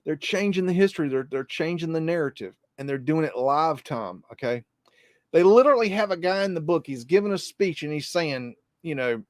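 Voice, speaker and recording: A man hosts a live podcast and rambles, repeating himself and swearing freely. His voice sits a bit high. The sound is dry and close. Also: animated, a little fast, no room sound. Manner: rambling, repetitive, profane. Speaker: podcast host.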